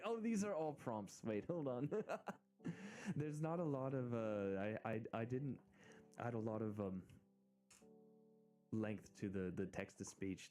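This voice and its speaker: An American man streaming, chatting casually and excitedly in rambling asides. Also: mid-range voice. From United States. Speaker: VTuber streamer. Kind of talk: casual live-stream chat.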